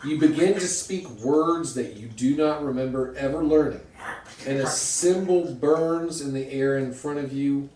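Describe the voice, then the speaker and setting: A man running a tabletop role-playing game as game master, narrating scenes dramatically and slowing down for effect. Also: medium pitch, mellow, distant mic. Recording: roomy sound from off-mic, faint hiss.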